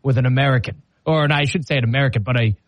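A man's voice: mid-range voice, racing, no echo. A man hosting a show, telling a self-mocking story in casual on-air banter and laughing often. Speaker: radio show host.

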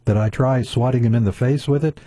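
A man's voice: medium pitch, a little fast, warm tone, dry recording, close to an everyday voice. A radio host voicing a nervous new night security guard phoning his boss, stammering and politely flustered.

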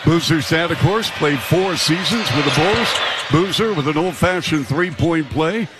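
This is a male basketball play-by-play announcer whose voice sits a little high and pushes to a shout when the action peaks. He calls each possession fast and punchy. The broadcast carries steady arena noise behind him. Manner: rapid, punchy calls that rise to shouts on big plays. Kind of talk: live basketball commentary.

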